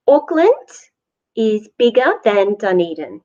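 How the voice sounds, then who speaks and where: A woman teaching English grammar at a slow, deliberate pace, from New Zealand, repeating each word clearly for learners. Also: mid-range voice, sing-song, darkish tone. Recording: dull lo-fi recording.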